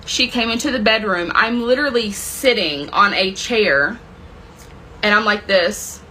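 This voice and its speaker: Telling a dramatic personal story to camera, a woman sounds intense and emotional and swears a lot. Her medium-pitched voice is bright and forceful, unhurried, on poor audio with slight background noise.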